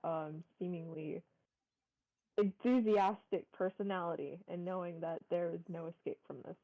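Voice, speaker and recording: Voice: mid-range voice, steady tone, moderate pace, gravelly, lo-fi sound. A young player speaking casually with dry humor during a tabletop game.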